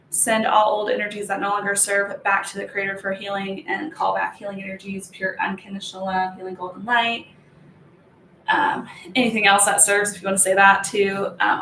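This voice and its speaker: A young woman talks through an energy-healing routine in a loose, chatty way, leaning on fillers and little giggles. Her voice sits at an ordinary middle pitch. It bounces around a hard, roomy space with a faint hiss underneath. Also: fairly bright tone. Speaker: energy healer. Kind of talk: casual spiritual vlog, guided healing. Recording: echoey room.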